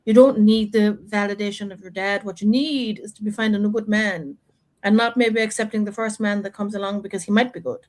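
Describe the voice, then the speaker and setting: A woman's voice: mid-range voice, fairly even intonation, brisk, a little mellow, rough recording. A woman hosting a casual live chat about a reality show, opinionated and chatty, with lots of fillers.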